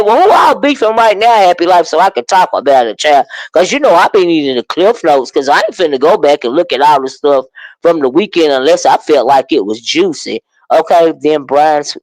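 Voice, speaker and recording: A man hosting a casual livestream, chatting about online drama and greeting viewers in the chat with drawn-out exclamations. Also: medium pitch, lively intonation, no echo, rough recording. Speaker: livestream commentary host. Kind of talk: casual livestream gossip commentary.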